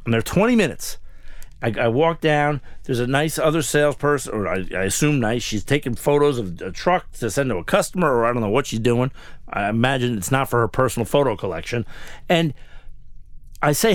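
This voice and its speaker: A man telling a personal story in an animated, indignant rant, swearing freely. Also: medium pitch, normal speed, no room sound. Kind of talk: comic ranting anecdote.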